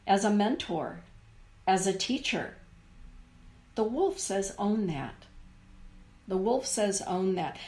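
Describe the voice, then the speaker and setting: A middle-aged woman giving a live oracle card reading to viewers, speaking in a soothing, unhurried way. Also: medium pitch, darkish tone. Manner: slow, soothing, unhurried delivery. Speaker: spiritual card reader.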